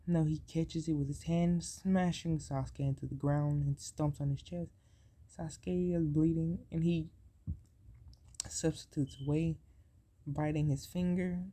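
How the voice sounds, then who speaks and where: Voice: medium pitch, dark tone. A young adult casually retelling an invented anime story, rambling and hesitant, restarting sentences and making up names as they go. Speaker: fan storyteller.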